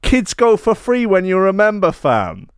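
Brief: swaggering young roadman in a dry booth, higher-pitched bravado, put on by a man. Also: huge pitch swings, drawn-out words, smooth, no room sound, exaggerated voice. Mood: hyped. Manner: street slang, hyped shout-outs. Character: swaggering young male roadman, National Trust fan.

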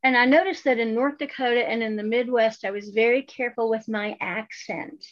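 A woman's voice: a little high, steady tone, brisk, dry recording. A woman with a Southern Appalachian accent, co-hosting a casual chat, outspoken and wry about how she talks. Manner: outspoken, wry, switches to a careful presenter voice. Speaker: podcast co-host. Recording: dull lo-fi sound.

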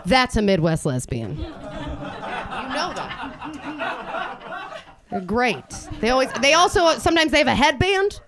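A woman's voice: high voice, big pitch swings, measured pace, pauses often. A woman doing a brash, crude stand-up set on a club stage, working the crowd with a handheld mic while the audience laughs. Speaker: stand-up comedian. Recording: live club recording with crowd noise.

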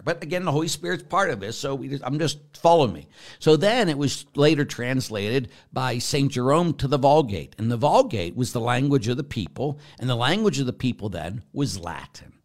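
A middle-aged man, a Catholic priest, teaching about faith in a loose, conversational way, drifting into tangents and tossing rhetorical questions at his listeners. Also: mid-range voice. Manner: rambling, goes off on tangents, asks listeners rhetorical asides.

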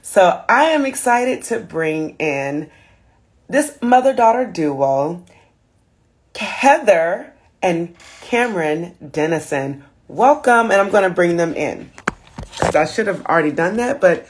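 A woman's voice: on the low side, lively intonation, slow pace, slight background noise. A woman hosting a live video chat, bubbly and chatty, welcoming guests and drawing out her greetings. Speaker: host. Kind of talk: casual live-stream chat.

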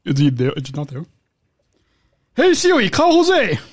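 High, animated joking male podcast co-host. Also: normal speed, dry recording, studio quality. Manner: laughs often, animated and joking. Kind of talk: casual chat.

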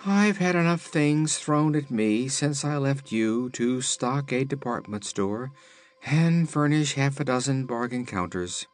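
A man's voice: medium pitch, lively intonation, a little slow, pitched above the performer's own voice, natural voice. A man voicing a sulky, boastful talking phonograph machine in a storybook reading. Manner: sad then indignant, sulky.

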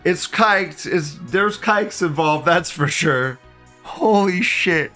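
A man's voice: on the high side, lively intonation, slow pace, pushed and bright, soft background music. A man hosting a casual livestream, reading out viewer comments and rambling off the cuff with frequent bursts of laughter.

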